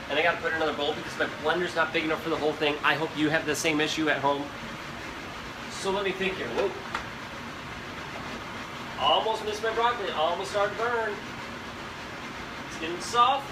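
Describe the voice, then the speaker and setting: Chatty man hosting a live cooking show. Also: on the high side. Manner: chatty, rambling, talks straight to viewers. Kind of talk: casual live-stream cooking chat. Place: home kitchen. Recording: echoey kitchen with background noise. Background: fan noise.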